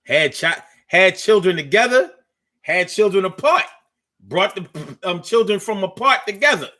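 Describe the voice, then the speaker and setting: A man hosting a casual, profane storytelling monologue in loose conversational talk, with pauses as he searches for words. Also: sits high, expressive, pushed and bright.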